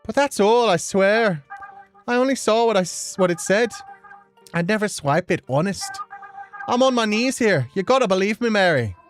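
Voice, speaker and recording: A woman voicing a fast-talking, anxious male mouse deliveryman with an Irish accent, in a pleading, theatrical way. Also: mid-range voice, animated, soft background music, pitched above the performer's own voice, natural voice. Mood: desperate. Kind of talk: let's play voice acting.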